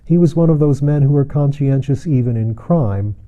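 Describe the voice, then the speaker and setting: A man reading a novel aloud as a narrator, measured and steady, acting out the dialogue. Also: medium pitch, low-quality recording. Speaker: audiobook narrator. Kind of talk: scripted narration.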